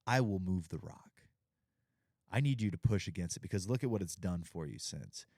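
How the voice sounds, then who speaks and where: A man voicing the Lord speaking to a laborer, calm and reassuring. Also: low voice, moderate pace, dry recording, studio quality. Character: the Lord, calm and patient divine voice.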